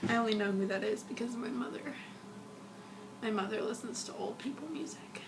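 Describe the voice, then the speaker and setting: A young woman vlogger rambling through a casual fan review, gushing and giggly, a little sick and husky. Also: fairly high pitch, fairly quick, very noisy.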